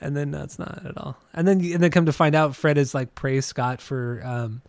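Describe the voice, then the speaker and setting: A man's voice: a little high, steady tone, moderate pace, vocal fry, a little mellow, no echo. A man co-hosting a podcast, chatting eagerly about an album and swearing freely. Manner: enthusiastic, swears often, trails off and restarts. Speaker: podcast co-host. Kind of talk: casual music podcast chat.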